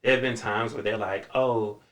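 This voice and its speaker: A man chatting as a podcast guest, animated and self-described dramatic, acting out his own reactions as he tells stories. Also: fairly low pitch, normal speed. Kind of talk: casual chat.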